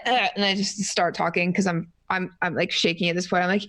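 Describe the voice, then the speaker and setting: A woman's voice: mid-range voice, steady tone, fairly quick, fairly bright tone, no echo. A young woman from Canada, co-hosting a podcast, telling a story in casual chat with self-deprecating asides and acted-out quotes. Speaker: podcast co-host.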